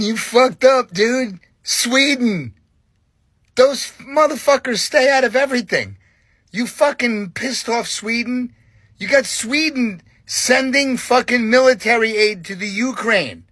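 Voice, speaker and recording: High-voiced man in a profane rant. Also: a bit bright, slightly rough, no echo. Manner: profane, exasperated, mocking. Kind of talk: angry rant to camera.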